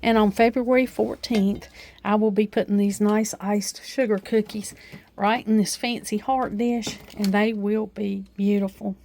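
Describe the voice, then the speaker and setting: In her kitchen at home, a woman with an Appalachian accent shows off her decorations in a casual vlog, homey and chatty with frequent "uh" fillers. Her mid-range, darkish voice has fairly even intonation and a measured pace, with slight background noise.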